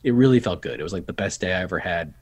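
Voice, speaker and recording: Low husky-voiced man telling stories. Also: racing, no room sound. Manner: animated, acts out quoted voices. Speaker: podcast guest. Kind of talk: casual storytelling.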